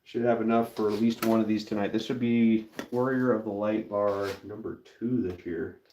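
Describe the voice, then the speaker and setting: A man's voice: on the low side, steady tone, moderate pace, mellow, a little hiss or hum. A man casually chatting with his live-stream viewers while he works, laid-back and chatty. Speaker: livestream host pouring metal.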